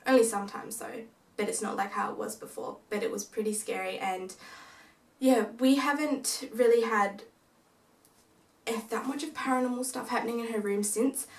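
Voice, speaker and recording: A woman's voice: a little high, normal speed, distant mic. Young woman telling a ghost story in an echoey room. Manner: animated retelling that acts out quoted family lines. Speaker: vlogger. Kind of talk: casual storytelling of a paranormal experience. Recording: echoey room, voice away from the mic.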